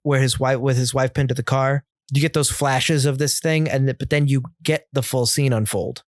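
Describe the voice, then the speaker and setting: A man's voice: mid-range voice, fairly even intonation, dry recording. Opinionated man podcasting, dry close sound. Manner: opinionated, critical, halting restarts. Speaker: podcast co-host. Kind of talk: casual film discussion.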